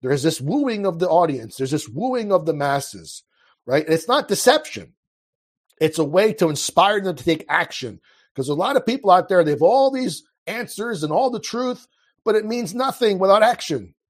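Male guest, fairly high husky voice, impassioned and earnest, casual talk with frequent restarts. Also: very animated, normal speed. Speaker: podcast guest. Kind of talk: casual conversational monologue.

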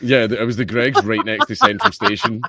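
A man's voice: mid-range voice, big pitch swings, brisk, creaky, bright, forceful tone, slightly rough, dry recording, clean studio sound. A Scottish man in his thirties, chatting casually and telling swear-filled stories. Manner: swearing storyteller. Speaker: podcast guest. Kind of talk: casual chat.

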